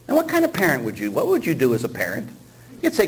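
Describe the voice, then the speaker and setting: A man's voice: medium pitch, big pitch swings, fast talker, fairly bright tone, slight background noise, low-quality recording. A middle-aged man, a priest, preaching a sermon with rhetorical questions and acted-out voices. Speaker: Catholic priest.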